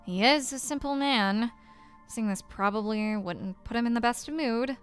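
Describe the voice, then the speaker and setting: A young woman streaming a game, talking casually and hesitantly, breaking off and dropping into soft whispers. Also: on the high side, unhurried, smooth, faint music behind. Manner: hesitant, self-interrupting, with soft whispered asides. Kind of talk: casual gameplay commentary.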